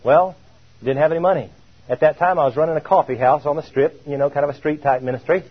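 A man's voice: on the high side, quick pace, breathy edge, phone-quality sound. A man preaching a sermon, emphatic and drawn out, firing rhetorical questions at his listeners.

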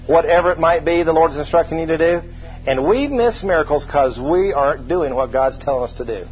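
Preacher guy with a kinda high voice, chatty self-mocking sermon stories, dull lo-fi recording with faint hum. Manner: folksy, self-deprecating, asks the congregation rhetorical questions. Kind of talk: conversational sermon storytelling.

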